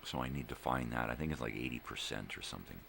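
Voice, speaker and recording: A man's voice: very deep voice, quick pace, vocal fry, fairly bright tone, a little hiss or hum. An older man hosting his own daily show, rambling casually at home with laid-back slang, jokes and thinking aloud.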